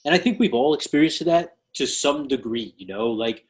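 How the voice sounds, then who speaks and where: A man hosting a podcast who tells an anecdote in a relaxed, casual way full of fillers. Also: medium pitch, normal speed. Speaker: podcast host.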